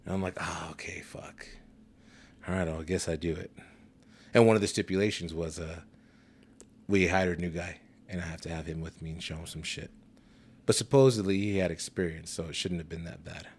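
A man's voice: low voice, steady tone, brisk, breathy edge. A young man on a podcast, casually telling a long profane story with laughing fits. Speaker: podcast host. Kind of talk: casual chat.

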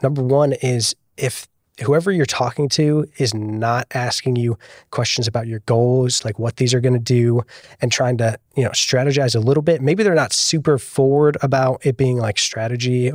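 A man, a guest video producer, explaining things in a relaxed podcast chat with frequent filler words. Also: medium pitch, normal speed, no echo, studio quality. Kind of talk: casual podcast interview.

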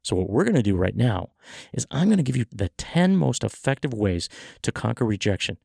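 Animated gravelly-voiced man coaching. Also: medium pitch, fairly quick, no echo, studio quality. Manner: animated storytelling, acting out dialogue. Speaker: podcast host, sales coach. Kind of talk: motivational podcast talk.

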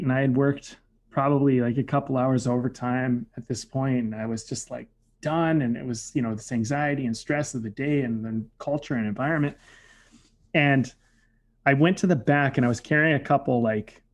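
A man casually telling a personal story, reflective, with lots of "like" and "you know" fillers. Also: mid-range voice. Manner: reflective, filler-heavy with frequent "like".

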